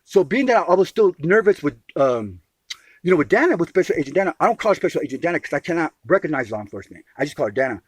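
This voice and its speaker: Casting note: a man pouring out a grievance, high husky voice, stumbles and repeats, says sweetie a lot. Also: sing-song, rapid-fire, dry recording. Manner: emphatic, repeats words and calls the listener sweetie; restarts phrases often. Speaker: caller telling his grievance.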